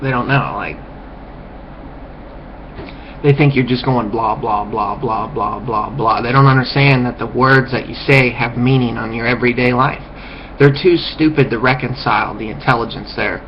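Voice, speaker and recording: A man's voice: mid-range voice, steady tone, moderate pace. A man in a rambling, contemptuous rant to camera, full of restarts and swearing. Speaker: vlogger. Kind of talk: ranting monologue. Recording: dull lo-fi recording with faint hiss.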